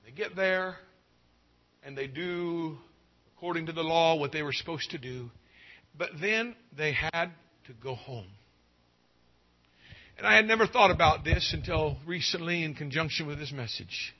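A man preaches a revival sermon in a fairly high voice. He swings from hushed pleading to loud, ringing exclaims and draws out his key phrases. The sound is dull and lo-fi. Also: moderate pace, long pauses.

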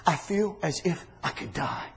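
A heavy-hearted man facing death who begs his companions to stay and pray with him, put on by a man in the middle of a sermon. The voice sits high but sinks low and soft. He sounds weary and overwhelmed. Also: brisk, lightly acted. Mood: sorrowful. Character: sorrowful grown man facing death, pleading.

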